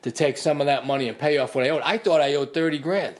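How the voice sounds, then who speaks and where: A man's voice: fairly high pitch, fast. Middle-aged man telling a story. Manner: animated storyteller who acts out other people's lines. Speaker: podcast guest. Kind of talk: conversational storytelling.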